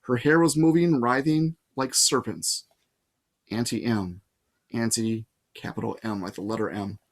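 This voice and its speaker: A man reading a novel aloud in a casual way, pausing to add his own comments. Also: medium pitch. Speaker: reader. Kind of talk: audiobook reading with asides.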